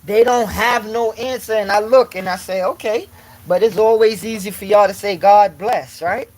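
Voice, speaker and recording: A man's voice: high-pitched, steady tone, moderate pace, rough recording. A man in a casual monologue, talking emphatically and confrontationally in street slang, repeating his points.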